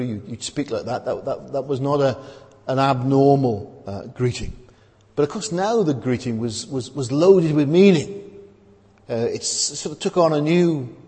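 A man preaching a sermon in a conversational way, asking rhetorical questions and often pausing with hesitations. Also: mid-range voice, darkish tone. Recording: long hall reverb.

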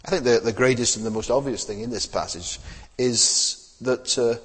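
A man's voice: mid-range voice, normal speed, fairly bright tone, slightly rough, big-room sound. A man preaching a sermon in a conversational way, often asking rhetorical questions and repeating words as he goes.

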